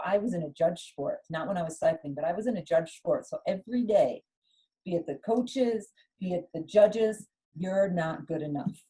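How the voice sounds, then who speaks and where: A middle-aged woman, a former athlete, telling her story in an interview with lively storytelling and acted-out dialogue. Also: fairly low pitch, low-quality recording. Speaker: guest, former Olympic skier. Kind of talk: conversational interview.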